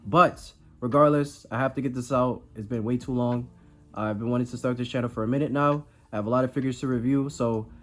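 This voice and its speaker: A man with a congested voice, under the weather, giving a rambling, self-deprecating toy review in a casual chat. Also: mid-range voice. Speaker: action figure reviewer.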